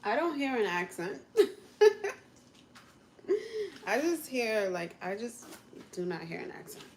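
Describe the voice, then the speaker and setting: A woman's voice: medium pitch, animated, normal speed, slight background noise. A young woman from the United States, chatting casually on a livestream from her home kitchen, answering viewer comments and laughing often. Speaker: livestream host.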